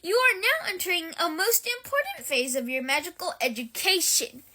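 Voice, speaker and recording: A woman's voice: very high-pitched, animated, moderate pace, sharp tone, exaggerated voice. A woman reading aloud from a storybook and voicing a strict older female professor with a stern, precise delivery.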